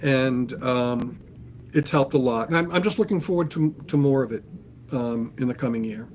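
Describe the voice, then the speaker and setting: An older man telling a long story in casual talk, animated, acting out the voices of the people he quotes. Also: medium pitch, normal speed, a little hiss or hum. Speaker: guest artist.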